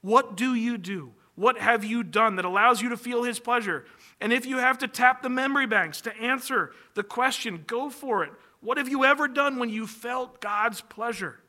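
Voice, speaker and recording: A man's voice: very high-pitched, moderate pace, pushed and bright. A man preaching a sermon from the pulpit, earnest and emphatic, building long lists as his energy rises. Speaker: pastor.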